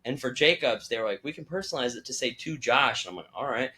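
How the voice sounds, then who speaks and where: Talking fast at a medium pitch, a young man chats casually on his podcast. He tells his stories with animation and acts out the voices of the people he quotes.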